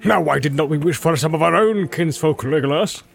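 A gruff male dwarf warrior who muses aloud in plain words, as a male narrator puts him on. This is an audiobook voice. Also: on the high side, a little fast, faint music behind, pitched above the performer's own voice.

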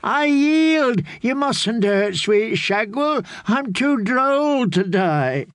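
A man's voice: high-pitched, lively intonation, slow pace, dry recording, voice pushed up, exaggerated voice. A man putting on a wheedling jester outlaw. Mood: pleading. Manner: pleading, joking, sing-song. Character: wheedling male jester outlaw, mocking and cowardly. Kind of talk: audiobook character voice.

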